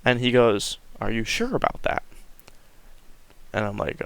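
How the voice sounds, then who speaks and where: Gravelly rambling man telling a story. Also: medium pitch, big pitch swings, unhurried, long pauses, no echo. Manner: rambling, full of fillers and restarts, acts out quotes. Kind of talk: casual storytelling.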